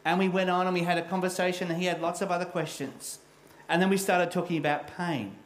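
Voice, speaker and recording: A middle-aged male pastor preaching a sermon, recorded in an echoey church. His voice sits a little high for a man, and his storytelling is candid and self-deprecating. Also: steady tone, fast.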